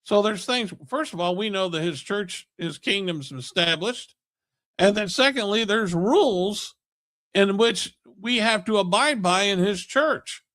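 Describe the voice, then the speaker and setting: A man's voice: sits high, lively intonation, a little slow, fairly bright tone, no room sound. A man preaching a recorded Bible lesson, emphatic and asking rhetorical questions. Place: Kearney, Missouri area church.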